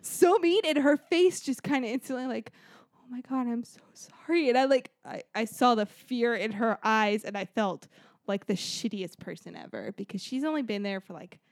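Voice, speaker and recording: A woman's voice: on the high side, moderate pace, dry recording, studio quality. A woman co-hosting a podcast, telling a story casually with lots of fillers and laughs. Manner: chatty storytelling with frequent "like" and laughs. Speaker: podcast co-host.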